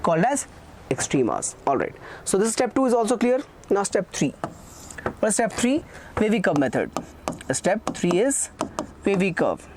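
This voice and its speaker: A teacher walks students through the method for an exam-prep lecture. The voice sits at a middle pitch, with key terms said twice and questions put to the class and answered straight away. There is a faint noise behind the voice. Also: big pitch swings, moderate pace, long pauses. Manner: repeats key phrases, asks and answers own questions. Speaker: math teacher.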